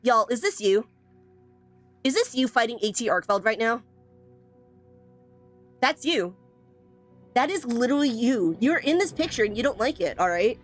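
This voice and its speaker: A woman's voice: a little high, animated, moderate pace, pauses often, soft background music. A woman streaming a game tutorial, teasing and emphatic, repeating points and answering chat. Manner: playful, teasing, emphatic with repetition. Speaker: streamer teaching a game weapon. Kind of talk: live stream tutorial, chatting with viewers.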